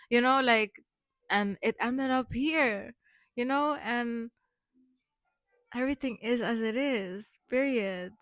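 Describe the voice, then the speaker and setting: A woman's voice: a little high, slow, long pauses, fairly bright tone, no echo, soft background music. Rambling young woman vlogger, dry close sound. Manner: rambling, lots of fillers and restarts, affirming. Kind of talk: rambling personal vlog.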